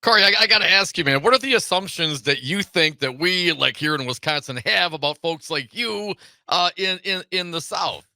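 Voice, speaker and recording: A man's voice: high voice, lively intonation, moderate pace, pushed and bright, no echo, clean studio sound. A man co-hosting a talk show, asking eager, teasing questions. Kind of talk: casual talk-show chat.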